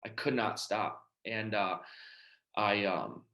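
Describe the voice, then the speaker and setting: Forceful low-voiced man. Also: gravelly. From Detroit, Michigan. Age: 30s. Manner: halting storytelling, many fillers, often trailing quiet. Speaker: recovery outreach speaker. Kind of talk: personal testimony talk.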